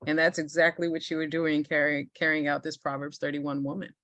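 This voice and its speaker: A woman's voice: low voice, flat delivery, a little fast, a bit bright, no room sound. A woman leading a church women's group, replying in an affirming, reflective way. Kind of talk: casual chat. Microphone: video call.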